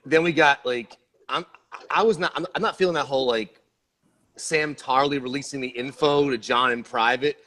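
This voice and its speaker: Animated, bright-voiced man joking around. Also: mid-range voice, moderate pace. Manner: animated, joking, stammers and restarts. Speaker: podcast panelist. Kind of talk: casual sports-podcast chat.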